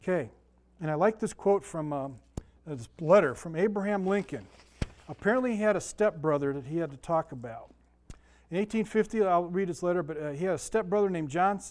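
A man's voice: on the high side, darkish tone. Chatty man teaching a Bible class. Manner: folksy, chatty, asks the room questions. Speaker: Sunday school teacher.

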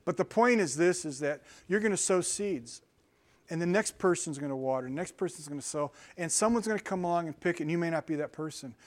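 Animated, conversational male pastor preaching. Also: on the high side, fairly quick. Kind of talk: sermon.

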